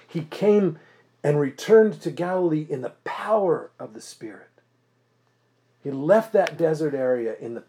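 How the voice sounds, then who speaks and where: A man preaching a conversational expository sermon as pastor, emphatic and slowing down to stress key phrases, acting out the crowd's doubting voices. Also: mid-range voice, a little mellow.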